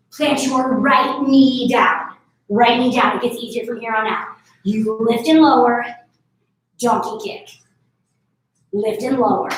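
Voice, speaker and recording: A woman in her thirties leading a live barre workout class, chatty and encouraging, laughing often. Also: a little high. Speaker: fitness instructor. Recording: echoey room, far from mic.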